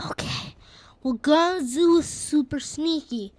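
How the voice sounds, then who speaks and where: A young woman commentating her own gameplay in a casual, chatty, self-deprecating way on a boom arm mic, with sudden loud exclamations. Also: slow. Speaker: gaming channel host. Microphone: boom arm studio mic.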